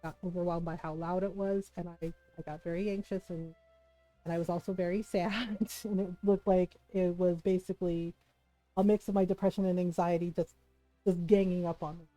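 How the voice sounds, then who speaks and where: A woman's voice: fairly low pitch, little pitch movement, fairly quick, warm tone, dry recording, soft background music, rough recording. A woman streamer chatting candidly with her viewers, swearing freely, often laughing mid-sentence and tagging her sentences with "right?". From Filipino family background. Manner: candid and profane, tags lines with "right?". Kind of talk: casual chat with stream viewers while gaming.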